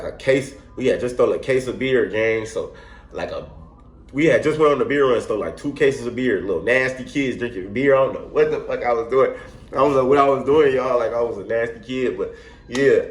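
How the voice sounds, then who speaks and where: A young man telling a wild story in a casual, animated, slangy way, laughing often. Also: medium pitch. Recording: echoey room.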